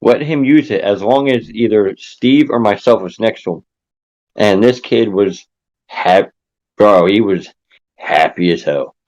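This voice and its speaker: A man of middle pitch talks casually on a podcast. He tells animated stories, drops slang, and acts out the lines of people in them. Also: unhurried, low-quality recording.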